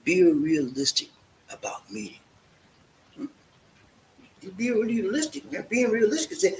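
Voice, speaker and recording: A man's voice: sits high, sing-song, normal speed, pauses often, a bit bright. A man giving relationship advice in a casual talk, full of rhetorical questions and repeated "man". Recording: echoey room with faint noise.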